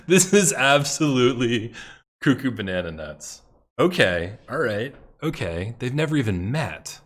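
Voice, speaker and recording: A man giving casual, excitable commentary while playing a strategy game, muttering to himself and swearing when things go wrong. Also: medium pitch, unhurried. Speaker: gameplay commentator.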